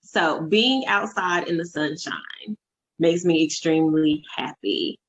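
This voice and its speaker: A woman's voice: deep voice, takes it slowly, husky. A woman in her thirties hosting a casual podcast chat as a life coach, telling stories in an effusive way with many fillers. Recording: dull lo-fi remote audio.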